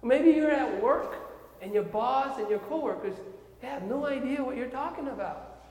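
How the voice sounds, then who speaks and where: Male preacher, Korean accent, lively storyteller who checks in with the crowd; recorded in a reverberant hall. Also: very high-pitched, normal speed. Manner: animated storyteller, often checks in with "okay?" and "right?". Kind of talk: sermon storytelling. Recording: echoey hall with long reverb.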